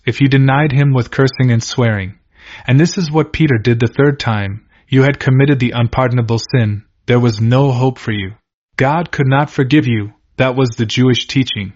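A man delivers a sermon, working through scripture in a steady, earnest teaching voice and putting questions to his listeners. His pitch sits in the middle range. The recording sounds dull and lo-fi. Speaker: preacher.

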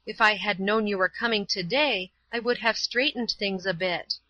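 A woman reading a storybook, voicing a poor, lonely old woman who speaks softly and humbly. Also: mid-range voice, moderate pace, no echo, muffled recording, natural voice. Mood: sad, humble.

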